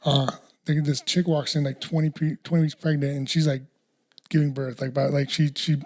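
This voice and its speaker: A man's voice: fairly high pitch, flat delivery, brisk, darkish tone. A man hosting a casual podcast chat, telling a rambling story with lots of restarts and casual swearing. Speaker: podcast host.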